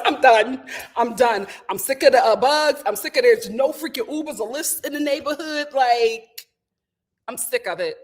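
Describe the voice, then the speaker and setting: At home, a woman hosts a casual live stream, reading viewer comments aloud and breaking into dramatic, laughing outbursts. Her voice sits high and moves at a measured pace.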